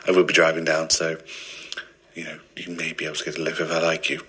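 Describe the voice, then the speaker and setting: A man's voice: rumbling low, completely flat delivery, fast talker, pushed and bright, breathy edge, rough recording. A man from the Newcastle area of England leaving a voice message for a podcast, speaking in a put-on posh, formal way. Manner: mock-posh, formal delivery. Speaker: listener sending a voice message.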